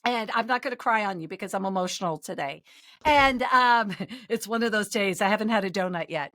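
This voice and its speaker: A woman's voice: mid-range voice, fairly quick, a bit bright, dry recording. A woman guest on a podcast, gushing and emotional, telling stories in a bubbly, chatty way. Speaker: guest performer. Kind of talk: effusive casual interview chat. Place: home studio.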